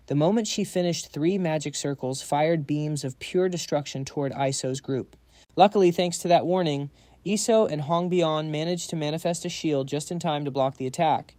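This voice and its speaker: Mellow-voiced man narrating a story recap. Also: fairly high pitch, moderate pace, no echo. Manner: dramatic, slangy storytelling.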